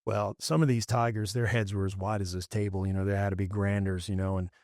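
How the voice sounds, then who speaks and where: Low-voiced man telling fishing stories. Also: little pitch movement, fast talker, a little mellow, no echo, studio quality. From Florida. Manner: rambling, restarts sentences, folksy Southern-tinged phrasing. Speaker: fishing podcast host. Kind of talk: casual storytelling chat.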